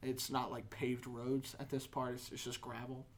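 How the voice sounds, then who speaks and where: A woman's voice: extremely low pitch, flat delivery, normal speed. A woman co-hosting a podcast, telling a childhood story in a casual chat, rambling with fillers and laughing along. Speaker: podcast co-host.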